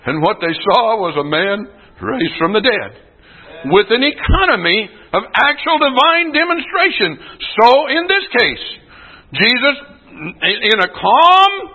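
An older man preaches a sermon. His voice sits very high and bright, with lively swings in pitch. He is earnest, pushing some lines out with emphasis and dropping others low and hushed. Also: slow, lo-fi sound.

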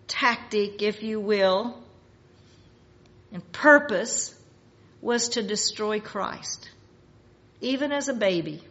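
A woman preaching a sermon in a slow, measured way, rising in force for emphasis. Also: medium pitch, lively intonation, fairly bright tone, lo-fi sound.

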